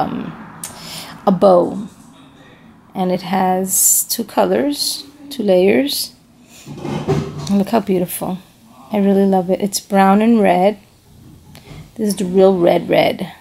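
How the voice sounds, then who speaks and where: Gushing woman with a gravelly voice. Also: medium pitch, steady tone, slow, pauses often, darkish tone, slight background noise. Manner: gushing and enthusiastic, repeats praise words; searches for words, trails off mid-sentence. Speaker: craft vlogger showing a package. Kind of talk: casual chat to camera.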